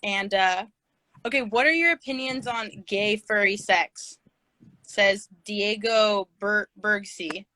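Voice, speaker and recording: A woman's voice: mid-range voice, slow pace, bright, forceful tone, low-quality recording. A woman hosting a casual livestream chat on her phone, giggly and a little scattered as she reads out fan questions. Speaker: livestream host. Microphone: phone video stream.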